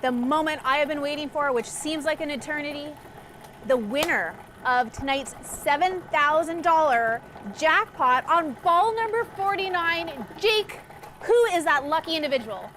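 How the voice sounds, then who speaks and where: A woman hosting a live TV bingo show, gushing and excitable as she announces the jackpot. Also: high-pitched, moderate pace, a little hiss or hum.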